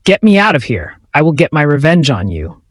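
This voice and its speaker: A man's voice: a little high, animated, moderate pace, no echo, clean studio sound, close to an everyday voice. A man voicing a hateful, vengeful demon that possesses a boy in a horror story, in a threatening tone.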